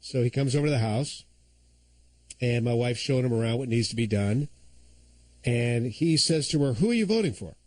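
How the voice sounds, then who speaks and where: A man's voice: mid-range voice, moderate pace, long pauses, darkish tone, dry recording, rough recording. A man filling in as host of a talk radio show, telling stories and giving opinions in a conversational monologue on a studio microphone.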